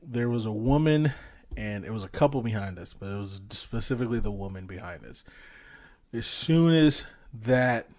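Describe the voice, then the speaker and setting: A man co-hosting a podcast, telling a story in a relaxed, wry way with chuckles. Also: fairly low pitch, moderate pace. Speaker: podcast co-host. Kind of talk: casual movie review chat.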